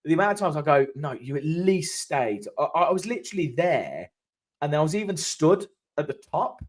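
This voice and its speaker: A man telling animated match-day stories in a casual chat. His voice sits a little high and moves around a lot in pitch. He often restarts his sentences. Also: normal speed. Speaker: football fan channel co-host.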